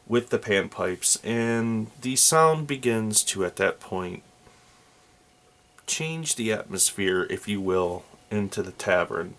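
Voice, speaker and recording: A man with a lowish voice narrates a solo tabletop role-playing game. He speaks slowly and hesitantly, often filling pauses with ums and uhs. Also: fairly bright tone.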